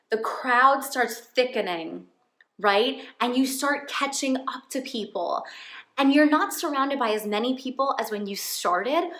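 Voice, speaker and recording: A woman's voice: fairly high pitch, a bit bright. Earnest woman vlogging in a roomy home. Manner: earnest, heartfelt, openly emotional. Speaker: faith vlogger. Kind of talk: casual personal vlog talk.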